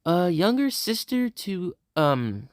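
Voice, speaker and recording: A man's voice: sits high, very animated, slow pace, no room sound, studio quality, pitched above the performer's own voice, heavily acted. Man doing Applejack, a drawling cowgirl pony. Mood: friendly. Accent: Southern cowgirl drawl, put on. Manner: folksy, drawling country talk. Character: friendly young cowgirl pony mare.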